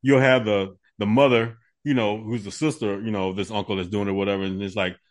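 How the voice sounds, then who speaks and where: A man's voice: fairly low pitch, steady tone, fairly quick, no room sound, clean studio sound. A man co-hosting a podcast, explaining his points emphatically and filling his talk with "you know". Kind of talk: casual podcast chat.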